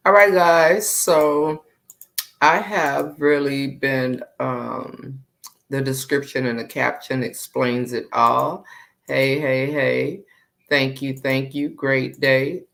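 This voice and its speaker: Slow-talking woman hosting a live chat. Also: a bass voice, fairly even intonation, vocal fry, fairly bright tone. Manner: greets viewers by name, chatty, repeats greetings. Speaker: live stream host. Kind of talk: casual live stream chat.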